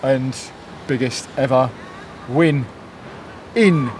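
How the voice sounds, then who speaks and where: A man co-hosts a football chat with a mid-pitched, easygoing voice. He keeps his replies short and agreeable. A faint hum of traffic sits behind him outdoors. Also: very slow. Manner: relaxed, brief agreeing replies. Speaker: football journalist, podcast co-host. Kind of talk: casual chat. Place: outdoors at night abroad.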